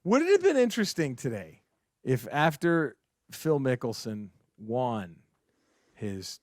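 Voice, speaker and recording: Male podcast co-host, swears and laughs often, very animated pitch. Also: measured pace, dry recording, clean studio sound. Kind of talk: casual chat.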